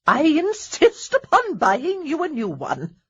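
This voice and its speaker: A woman's voice: high-pitched, huge pitch swings, takes it slowly, muffled recording, pitched above the performer's own voice, full character voice. A woman voicing a grand, imperious elderly lady who barks her pronouncements. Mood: grandiose.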